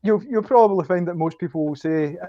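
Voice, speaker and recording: A Scottish man chatting casually as a guest, talking in halting bursts with many ums and restarts. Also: high voice, no room sound, dull audio. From Scotland. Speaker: podcast guest. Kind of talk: casual chat.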